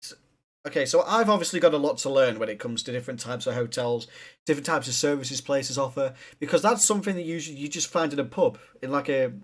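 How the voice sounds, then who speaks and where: A man's voice: medium pitch, quick pace. A man hosting a reaction video, talking bluntly and swearing often as he critiques what he watches. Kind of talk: casual reaction commentary.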